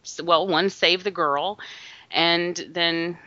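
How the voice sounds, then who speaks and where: A woman's voice: fairly low pitch, takes it slowly, no room sound, lo-fi sound. A woman guest on a podcast, chatting casually and laughing often as she tells stories. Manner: laughs often, animated storytelling.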